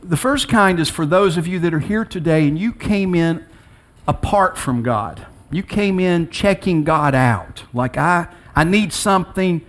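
A pastor preaching a sermon, telling stories with acted-out dialogue and leaping up in pitch for emphasis. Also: male voice, a little slow. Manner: animated storytelling with acted-out dialogue; pitch leaps high for emphasis.

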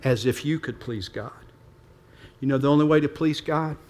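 A pastor preaching a sermon to his church, talking plainly and swinging between hushed asides and emphatic points. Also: a little high, moderate pace, a little hiss or hum.

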